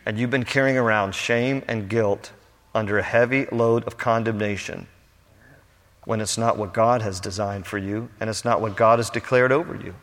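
A male pastor preaching a sermon to his congregation, swinging between impassioned build-ups and hushed, pastoral passages. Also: on the low side, steady tone, moderate pace. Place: church sanctuary with a congregation. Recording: long church hall reverb.

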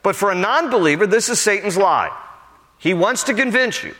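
A male pastor preaching a sermon to his congregation, swinging between impassioned build-ups and hushed, pastoral passages. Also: high voice, animated, fairly quick. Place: church sanctuary with a congregation. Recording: long church hall reverb.

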